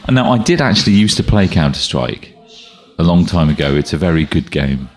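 A man's voice: very deep voice, big pitch swings, fairly quick. A man co-hosting a casual tech podcast, talking in rambling bursts and often restarting his sentences. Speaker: podcast co-host.

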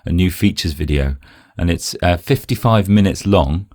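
Male co-host, very deep, dry mic, meandering casual tech talk. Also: normal speed, darkish tone, dry recording. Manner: rambling, self-correcting. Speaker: podcast co-host.

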